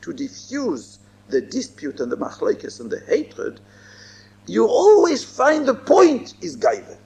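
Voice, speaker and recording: A man's voice: very high-pitched, huge pitch swings, takes it slowly, gravelly, darkish tone. A man giving a Torah lecture as a rabbi, emphatic and repeating his phrases. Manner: emphatic, repeats phrases, mixes in Hebrew and Yiddish terms.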